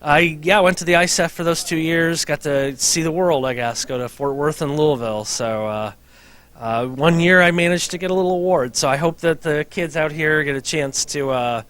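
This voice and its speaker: A man's voice: a little high, normal speed, a bit bright. A middle-aged man, a professor, talking modestly and rambling with many fillers in a casual interview. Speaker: professor and former science fair winner.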